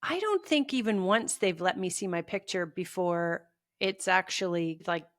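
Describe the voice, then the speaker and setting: A woman co-hosting a podcast in casual chat, making quick, wry, teasing remarks. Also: fairly low pitch, lively intonation, dry recording, studio quality. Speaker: podcast co-host.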